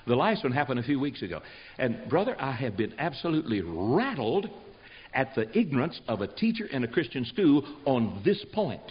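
A man's voice: mid-range voice, big pitch swings, normal speed, husky. An older man, a preacher, telling stories as a guest on a talk show, in a folksy and emphatic way that repeats phrases for effect. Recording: dull lo-fi recording.

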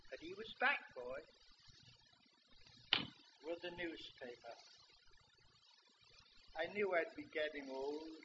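A man from Britain preaching a sermon in a church, dramatic, switching between loud cries and quiet asides, on a muffled recording. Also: a little high, expressive, takes it slowly, long pauses, very noisy. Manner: dramatic, swings from loud exclamations to hushed asides. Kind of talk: sermon with storytelling.

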